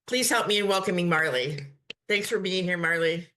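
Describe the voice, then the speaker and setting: A woman's voice: on the low side, normal speed, fairly bright tone. A woman hosting a webinar, welcoming the audience and giving a formal introduction of the guest speaker. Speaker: webinar host.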